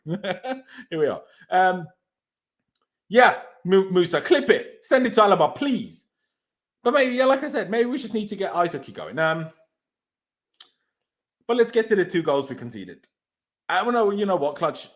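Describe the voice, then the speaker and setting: A man from Austria hosts a casual football fan podcast, with a high voice that swings up and down a great deal. He rants with energy and swears freely. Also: normal speed. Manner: animated ranting, swears freely. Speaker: podcast host.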